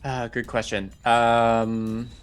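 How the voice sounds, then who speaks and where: A man's voice: mid-range voice, monotone, extremely slow, smooth. A British man narrating as dungeon master, dramatic and laughing as he tells the action. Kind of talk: narrating a tabletop game.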